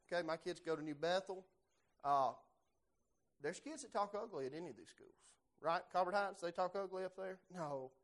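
A man leads a church Bible class in a high, lively voice. He is animated and keeps turning to the class with direct questions.

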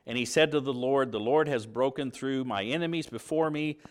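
A middle-aged man with a smooth, medium-pitched voice teaches a Bible class at a moderate pace. He preaches in sermon style, poses rhetorical questions, and acts out the voices he quotes.

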